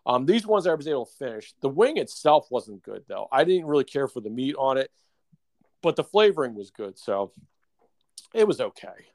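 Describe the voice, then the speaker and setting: A man's voice: mid-range voice, big pitch swings, normal speed, darkish tone, dry recording. A man co-hosting a podcast, telling a long story in casual chat, full of fillers and laughs. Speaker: podcast co-host.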